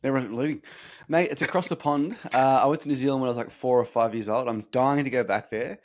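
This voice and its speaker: An Australian man with an Australian accent hosting a podcast, friendly and blokey, firing off follow-up questions. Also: mid-range voice. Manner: friendly, blokey, says mate a lot, rapid follow-up questions. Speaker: podcast host. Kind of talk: casual interview chat.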